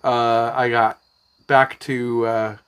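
A man's voice: medium pitch, slow, smooth. A man casually telling a long, rambling story in a podcast chat, swearing freely. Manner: rambling, profane, animated anecdotes. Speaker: podcast co-host.

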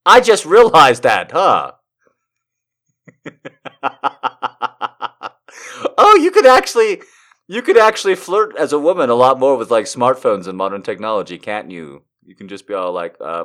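Here a man's mid-range voice takes on a sing-song lilt, bright and forceful, moving at a measured pace with long pauses. He's performing an erotic story for laughs in mock-dramatic style, veering from whisper to shriek, with frequent laughing, cursing asides.

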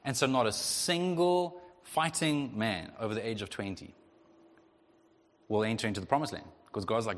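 A male pastor preaching a sermon in a lively way, acting out the voices of the people in his story. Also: mid-range voice, moderate pace. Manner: animated, acts out voices of God and the Israelites. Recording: long hall reverb.

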